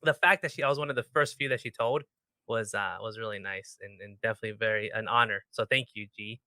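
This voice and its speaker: Man, very bright forceful tone, dry close sound, animated, playful, casual chat. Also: lowish voice, fast, no echo. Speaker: podcast host.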